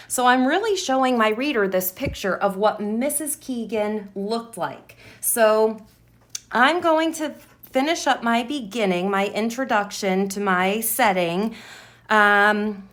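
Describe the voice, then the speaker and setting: Speaking at a medium pitch with a fairly bright tone, a woman leads a writing lesson by modeling her sentences out loud. She goes slowly and deliberately, repeating each word as she writes it.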